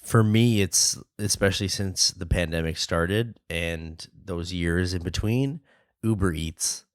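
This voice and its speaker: A man's voice: low-pitched, slow, no room sound, clean studio sound. A man hosting a podcast in casual chat, easygoing and self-deprecating, with a somewhat nasal voice. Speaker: podcast host.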